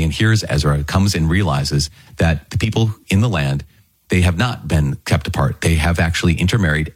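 A man teaches from scripture in an earnest, conversational sermon style. His voice sits very low with a husky edge. The recording is dry and close. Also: no echo. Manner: earnest, conversational, repeats words and phrases. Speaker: preacher.

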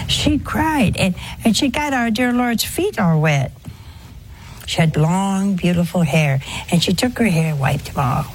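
A woman's voice: lowish voice, animated, a little slow, a little hiss or hum. An older woman giving a conversational religious talk to an audience, asking rhetorical questions in a homely preaching manner. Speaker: religious speaker.

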